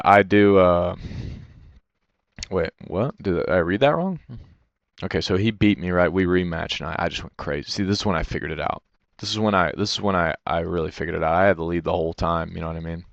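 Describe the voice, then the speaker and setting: Deep-voiced man rambling over a replay. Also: steady tone, brisk, vocal fry, dry recording, muffled recording. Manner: rambling, self-critical, swears a lot, fillers "you know". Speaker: player reviewing his own match. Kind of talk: casual game review commentary. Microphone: headset.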